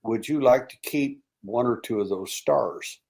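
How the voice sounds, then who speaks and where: An American man spinning a long anecdote on a podcast, slipping into the voices of the people he quotes. His pitch sits in an ordinary middle range, and he keeps the tale moving with lively back-and-forth dialogue. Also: unhurried, vocal fry. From United States. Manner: animated storyteller acting out quoted dialogue. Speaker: podcast guest, alien abduction researcher. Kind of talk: storytelling in casual interview.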